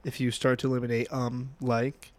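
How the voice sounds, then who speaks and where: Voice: mid-range voice, level tone, normal speed, dry recording. A podcast co-host from Lebanon in casual chat, laid-back, who laughs easily and makes short remarks.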